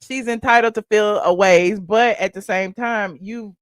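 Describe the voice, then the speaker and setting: A woman's voice: mid-range voice, fairly even intonation, measured pace, no room sound. A woman hosting a commentary show, reacting in a loose, filler-heavy way. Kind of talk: casual commentary.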